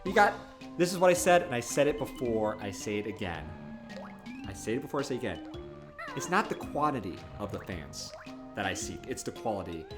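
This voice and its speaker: A male streamer giving live gameplay commentary, chatty and excitable, breaking into loud outbursts when things go wrong and thanking viewers warmly by name. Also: fairly low pitch, a little fast, over music.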